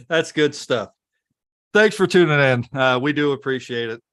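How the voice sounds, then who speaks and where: A man's voice: fairly high pitch, lively intonation, a little slow, fairly bright tone, no echo, clean studio sound. An American man co-hosting a racing podcast, reading viewer comments aloud and laughing easily. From United States. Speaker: podcast co-host reading chat. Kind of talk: casual chat.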